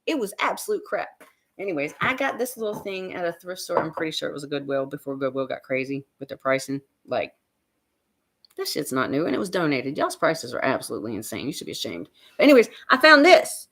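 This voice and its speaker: A middle-aged woman hosts a livestream from her home kitchen, chatting casually and bluntly while cooking and reading viewer comments, swearing freely. Her voice is low and sing-song with a fairly bright tone, and she talks fairly quickly.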